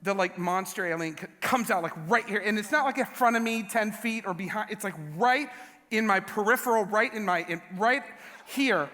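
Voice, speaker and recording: A young adult man preaching a sermon in a church, telling a story with animated, self-mocking humor. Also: high voice, normal speed. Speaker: pastor. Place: large church hall. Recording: long church hall reverb.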